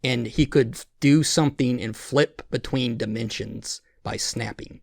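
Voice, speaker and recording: A man's voice: medium pitch, a little slow, vocal fry, no room sound, clean studio sound. A man hosting a podcast, telling a rambling, profane story with lots of restarts and quoted voices. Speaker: podcast host. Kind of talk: casual storytelling chat.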